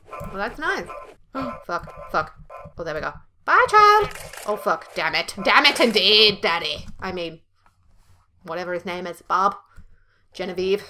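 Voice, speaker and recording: A young woman giving loud, profane, jokey commentary while playing a video game. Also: mid-range voice, slight background noise. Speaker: gameplay streamer. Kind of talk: let's play commentary.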